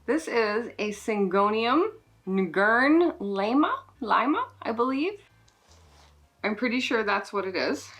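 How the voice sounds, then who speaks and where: A woman vlogging an unboxing of plant gifts, emotional and excited, swearing in delight and stumbling over plant names. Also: fairly high pitch, slow, husky. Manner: profanity-laced exclamations. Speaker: plant YouTuber. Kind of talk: unboxing vlog chat.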